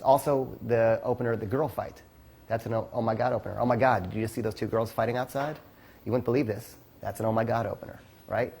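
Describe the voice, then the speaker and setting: A man's voice: fairly low pitch, creaky, darkish tone, breathy edge. A man teaching a casual seminar as a dating coach, rambling with lots of "like" and "you know" and the odd curse.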